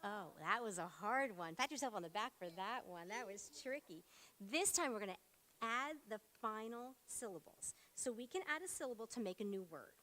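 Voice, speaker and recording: Upbeat woman teacher with a lively voice. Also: mid-range voice, moderate pace. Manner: upbeat, encouraging, prompting in short words. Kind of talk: classroom phonics demonstration. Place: school meeting room.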